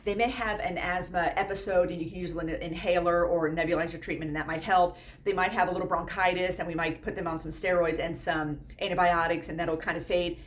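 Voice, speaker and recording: A woman's voice: fairly low pitch, a little hiss or hum. A woman in her thirties teaching nursing students in a casual, blunt way. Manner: blunt, lively, quotes students in put-on voices. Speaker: nursing instructor.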